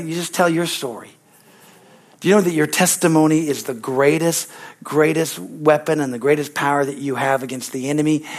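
A middle-aged man preaching with emphatic, rising energy. His voice sits a little high for a man, and he keeps calling out for amens and hallelujahs between points. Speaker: pastor. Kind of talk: sermon.

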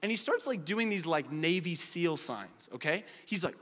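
A man's voice: a little high, animated, normal speed, a bit bright, long reverb tail. A man preaching a sermon and telling a funny story with lots of animation. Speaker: pastor.

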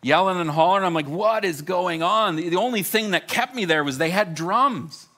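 A middle-aged man preaching a sermon, animated and storytelling, with self-deprecating humor. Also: high voice, fairly quick. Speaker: pastor.

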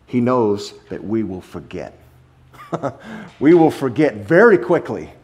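Animated pastor with a lilt. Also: male voice, medium pitch. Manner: conversational and animated, with playful laughs and drawn-out emphasis. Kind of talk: sermon. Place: church sanctuary.

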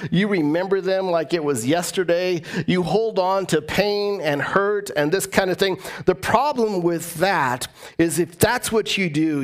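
A man preaching a sermon as pastor, earnest and emphatic, repeating phrases for stress. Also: high voice.

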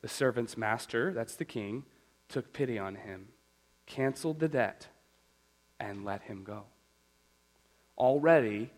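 A man preaching a sermon as a pastor, telling a story in an animated, conversational way. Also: lowish voice, low-quality recording.

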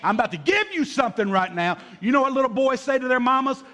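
A man in his fifties, a pastor preaching a sermon in a lively, joking way, acting out little scenes and calling for amens. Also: extremely high pitch, fast talker. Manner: lively and joking, acts out voices, calls for amens from the congregation.

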